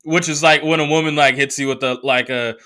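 A young man, a comedian from the Bay Area, telling a profane, animated story in casual talk and acting out the voices he quotes. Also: on the high side, fairly quick. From San Francisco Bay Area. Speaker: comedian podcast host.

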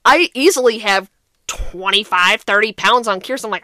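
A young woman co-hosting a podcast, telling a story in casual chat with a dramatic, animated delivery full of "like" fillers. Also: fairly high pitch, moderate pace. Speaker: podcast co-host.

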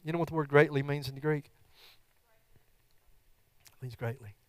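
A middle-aged man preaching a sermon as a church pastor, moving between loud, fervent declarations and soft, earnest talk. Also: a little high, normal speed, no room sound. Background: guitar music.

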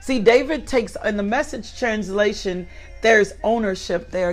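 A woman's voice: medium pitch, steady tone, normal speed, soft background music. Woman preaching a fervent devotional. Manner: fervent, repetitive prayer building to emphatic preaching; fillers and restarts, talks directly to listeners. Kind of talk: morning devotional sermon.

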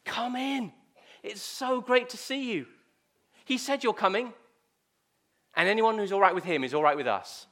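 A kind household family, as a preacher puts them on, welcoming a guest warmly and insistently. The voice sits fairly high. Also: male voice, normal speed, long pauses.

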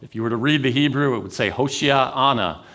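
A man preaching a sermon, telling the story with dramatic swings between raised intensity and near-whispered pauses. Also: mid-range voice. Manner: dramatic, swings from loud to hushed. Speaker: pastor.

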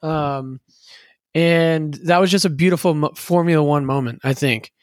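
A man co-hosting a podcast, teasing his partner in casual chat and laughing a lot. He fills pauses with plenty of ums. His voice sits a little high, and it is recorded dry and close. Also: no room sound. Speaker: podcast co-host.

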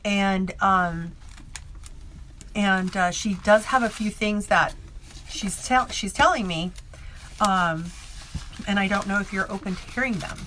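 A woman's voice: mid-range voice, unhurried, long pauses, a bit bright, a little hiss or hum. A woman telling a story about a psychic reading in a casual, rambling way, full of fillers and restarts. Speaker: psychic medium.

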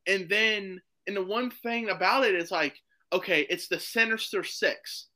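A man chatting as a podcast guest, rambling excitedly with lots of fillers. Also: sits high, unhurried, rough recording. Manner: excited, rambling, full of "like" and "you know". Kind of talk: casual chat.

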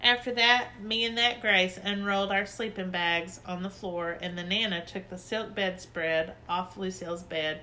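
A woman narrating a storybook in a lively, expressive, childlike manner. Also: medium pitch, moderate pace, few pauses, slight background noise. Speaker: audiobook narrator. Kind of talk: storybook reading.

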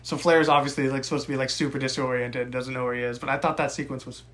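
A young man co-hosting a casual podcast, recapping a wrestling match with profane, animated rants. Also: medium pitch, fast. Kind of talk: casual chat.

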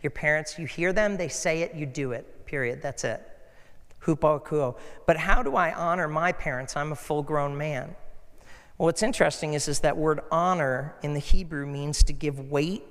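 A man's voice: on the high side, moderate pace, fairly bright tone. A middle-aged man preaching a sermon as a pastor, telling stories in an earnest, conversational way. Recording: echoey hall.

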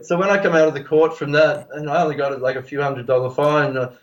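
A man's voice: fairly high pitch, fairly even intonation, quick pace. An Australian man, a podcast guest, telling a long rambling story with plenty of swearing, fillers and restarts. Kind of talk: casual storytelling.

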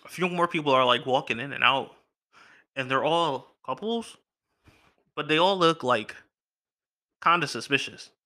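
Bright-voiced young man telling stories. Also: mid-range voice, measured pace, pauses often. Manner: animated, slangy, laughs between lines. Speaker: podcast host. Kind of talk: casual storytelling.

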